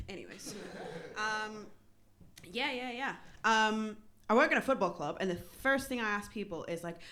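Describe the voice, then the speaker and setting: A woman performing stand-up in a small comedy club, chatting with the crowd in a self-deprecating way, often pausing on "um". English is not her first language. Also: medium pitch, a bit bright. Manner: self-deprecating, crowd work, many ums.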